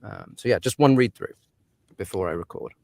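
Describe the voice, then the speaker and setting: A man's voice: fairly low pitch, normal speed, gravelly, a little mellow, no room sound. A man who narrates audiobooks, talking through his craft in a casual interview, thoughtful and given to laughs and fillers.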